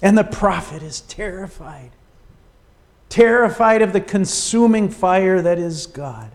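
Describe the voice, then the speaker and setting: A man preaching a sermon, emphatic and dramatic, often dropping to a quiet, low delivery for weight. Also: animated, gravelly. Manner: slow, emphatic preaching with dramatic drops in volume.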